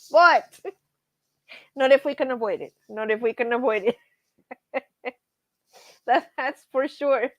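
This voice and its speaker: A woman hosts a casual evening livestream, chatting freely and reading her viewers' comments aloud. Her voice sits a little high, and she tells stories animatedly with frequent laughter. The sound is close and dry. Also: no room sound, muffled recording. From grew up on a ranch. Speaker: livestream host.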